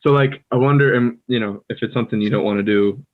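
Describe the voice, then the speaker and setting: A man's voice: mid-range voice, fast. American man on a tinny call line. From United States. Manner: relaxed, rambling, many fillers. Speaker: podcast co-host. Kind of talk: casual chat. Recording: tinny phone-like call audio.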